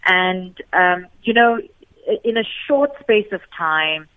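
Her voice fairly low and animated, this South African woman, formerly a radio co-host, tells stories slowly and warmly in a tribute chat, acting out each quote in South African English. The phone line is tinny and dry, with no echo.

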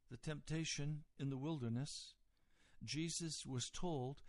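A male preacher delivering a sermon at an unhurried pace, breaking phrases apart to stress key words. His voice sits at an ordinary middle pitch. The sound is dry and close, with no room echo. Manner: deliberate expository preaching, pausing on key words.

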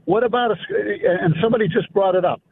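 A man's voice: high voice, fast talker, creaky. A man calling in to a sports radio show, arguing insistently and repeating his points. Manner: insistent, argumentative, repeats himself. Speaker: caller. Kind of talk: call-in radio argument. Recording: tinny phone line with faint noise.

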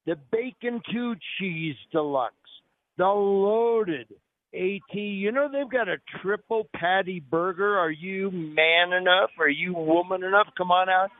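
A man hosting a live radio show on location, talking up a restaurant with jokey, salesman-like patter. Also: high voice. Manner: upbeat salesman-like delivery, jokey. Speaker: radio talk show host. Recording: narrow phone-like radio audio, dry.

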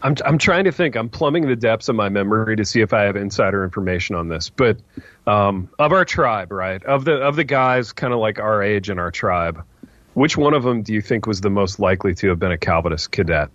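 Laid-back "dude"-saying podcast host, dry sound. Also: male voice, on the low side, expressive, a little fast, a bit bright, no room sound. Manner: laid-back, says "dude" a lot, laughs easily. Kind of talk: casual chat. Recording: dry, slightly dull audio.

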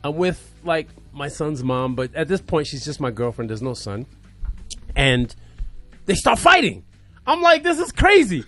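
A man telling a personal story as a radio guest, animated, acting out voices, swinging from loud to hushed. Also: mid-range voice, unhurried, soft background music. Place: radio studio.

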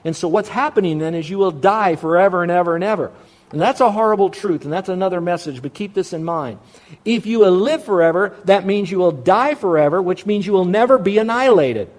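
A man's voice: high voice, a little fast, darkish tone. A man preaching a sermon, stressing key words with repetition and direct questions to his listeners. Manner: emphatic preaching with repeated phrases. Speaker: pastor.

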